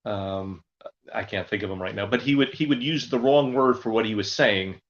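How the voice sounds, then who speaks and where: A man's voice: lowish voice, normal speed, highs cut off. Older man rambling through stories. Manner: rambling, anecdotal storyteller. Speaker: ventriloquist guest. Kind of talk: casual interview chat.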